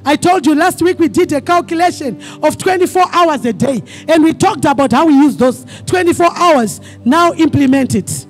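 A pastor preaching a sermon to his congregation, asking them questions for call-and-response and often breaking into fervent shouting. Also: very high voice, normal speed, hardly any pauses, faint music behind. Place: church service.

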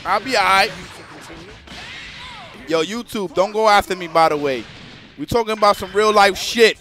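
A man's voice: high voice, moderate pace, bright, forceful tone, soft background music. A man casually commentating a live stream, joking crudely and talking straight to the chat.

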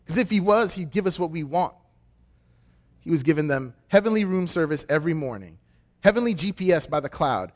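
A man delivering a sermon as a pastoral intern, conversational and joking, acting out quoted voices with big swings in pitch.

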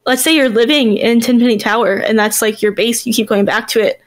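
Female podcast co-host, high voice, enthusiastic casual chat. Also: fairly even intonation, brisk. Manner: chatty and enthusiastic, laughs easily. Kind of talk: casual chat about game lore.

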